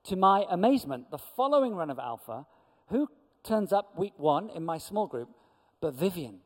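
Male church speaker, animated storyteller, voice a touch high, reverberant hall. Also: moderate pace. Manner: lively storyteller who acts out quoted voices. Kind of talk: storytelling testimony talk.

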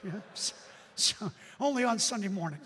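A man preaching a storytelling sermon to a hall with a balcony, animated, speaking straight to the crowd and breaking into shouts. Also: high voice, moderate pace, a little hiss or hum. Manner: animated, bursts into shouts, addresses folks directly. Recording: long hall reverb.

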